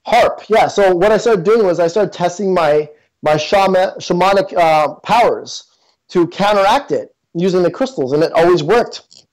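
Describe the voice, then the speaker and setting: A man's voice: sits high, animated, moderate pace, darkish tone, rough recording. A man being interviewed as a guest, talking casually and earnestly, with many fillers and restarts. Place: in Toronto.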